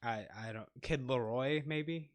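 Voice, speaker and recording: A man's voice: mid-range voice, a little slow. A man co-hosting a casual movie podcast, playful and rambling, often restarting his sentences. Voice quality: playful, rambling, self-interrupting. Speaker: podcast co-host. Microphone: lavalier microphone.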